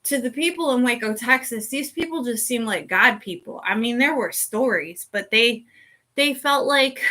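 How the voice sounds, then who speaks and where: A woman podcast host who chats loosely and wanders off topic. Her voice sits a little high and sounds bright and sharp. She talks at an unhurried, drawn-out pace. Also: lively intonation. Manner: rambling, chatty, sidetracked. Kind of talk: casual chat.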